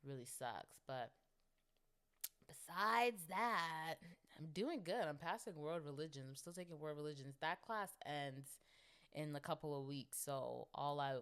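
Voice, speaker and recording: Low-voiced chatty young woman. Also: moderate pace, clear, resonant tone. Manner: rambling, chatty, lots of fillers; addresses listeners directly. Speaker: podcast host. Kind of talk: casual chat.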